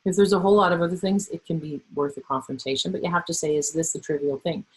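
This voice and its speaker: A middle-aged woman presenting a webinar, talking in a lively, conversational way and acting out quoted voices. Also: on the low side, fast talker, breathy edge, poor audio. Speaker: webinar presenter on workplace bullying. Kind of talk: webinar talk.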